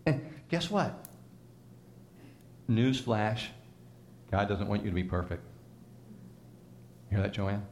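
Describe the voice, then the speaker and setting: A man's voice: lowish voice, lively intonation, slow pace, long pauses, a little mellow, slight background noise. A man preaching to a congregation, conversational and teasing, leading them in repeated call-and-response phrases. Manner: conversational, teasing asides to listeners. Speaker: pastor. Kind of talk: sermon.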